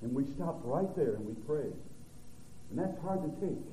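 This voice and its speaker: A man preaching a sermon as a pastor, swinging from loud to hushed. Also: a little high, animated, moderate pace, slight background noise. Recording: tinny phone-like recording.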